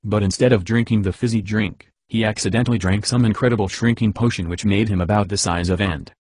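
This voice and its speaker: A man reading a silly bedtime story in an even, deadpan way. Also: fairly low pitch, quick pace, husky, no room sound.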